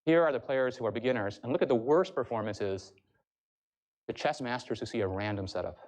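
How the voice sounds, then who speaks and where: Fast-talking male professor lecturing. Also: medium pitch, a little mellow. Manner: brisk, explanatory, addresses the audience. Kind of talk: university lecture. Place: lecture hall.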